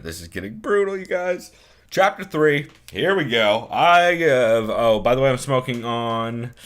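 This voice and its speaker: Young guy reading a text game out loud, bright voice, swears a lot, jumpy pitch. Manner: profane, joking, riffing. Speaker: let's play host. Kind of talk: casual game commentary and reading aloud.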